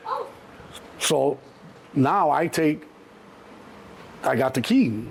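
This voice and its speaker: A middle-aged man, telling stories as an interview guest in a lively, profane way and acting out other people's voices. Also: slow pace, gravelly, a little hiss or hum. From Chicago. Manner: animated, acts out other people's voices in a higher pitch, profane. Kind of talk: storytelling in an interview.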